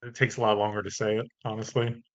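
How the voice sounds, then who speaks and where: A man's voice: on the low side, little pitch movement, fast talker. A man hosting a podcast who talks in a rambling, thoughtful way and laughs lightly. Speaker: podcast host. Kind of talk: casual podcast conversation. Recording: slightly dull lo-fi.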